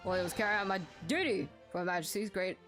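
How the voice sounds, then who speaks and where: A woman voicing a gruff middle-aged male prison warder in a put-on Scottish accent, reading aloud haltingly with fumbles. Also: mid-range voice, over music, natural voice. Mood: defensive.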